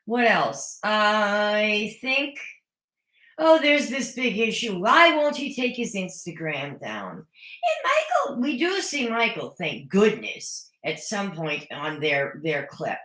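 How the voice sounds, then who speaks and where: A woman's voice: medium pitch, very animated, slow, bright, forceful tone, echoey room. A woman recapping a reality show in a casual, chatty way, opinionated with sarcastic asides. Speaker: recap vlogger. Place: home.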